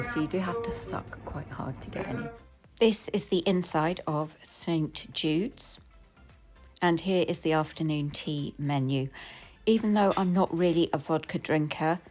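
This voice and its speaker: A woman, a food vlogger, chatting casually and self-deprecatingly to camera. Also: low voice. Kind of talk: casual vlog narration. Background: background music.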